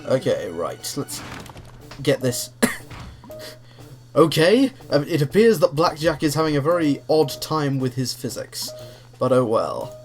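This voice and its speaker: Giggly rambling gameplay commentator. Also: male voice, a little high, big pitch swings, a little slow, long pauses, soft background music. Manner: giggly, rambling, easily distracted. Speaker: let's play commentator.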